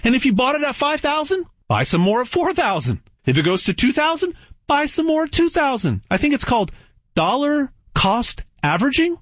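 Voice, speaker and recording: A man giving an emphatic, repetitive sales pitch in a folksy way. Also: fairly bright tone, no echo, studio quality.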